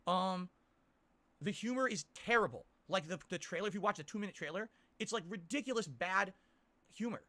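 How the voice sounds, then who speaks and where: A man's voice: high-pitched, lively intonation, fairly quick, sharp tone. A man ranting on a stream, complaining insistently and asking "okay?" again and again.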